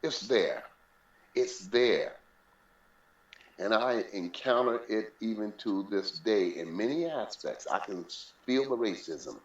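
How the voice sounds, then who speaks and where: A man's voice: lowish voice, animated, takes it slowly. A man speaking as an interview guest about his life, telling it candidly and with emphasis, often repeating key phrases. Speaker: interview guest, boxing figure. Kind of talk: candid personal storytelling. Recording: roomy, dull lo-fi sound.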